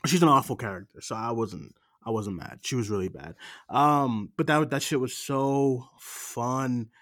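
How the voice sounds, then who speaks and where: A man co-hosting a film podcast in casual chat, animated and swearing, acting out movie lines between bursts of laughter. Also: mid-range voice, moderate pace, dry recording, clean studio sound. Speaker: podcast co-host.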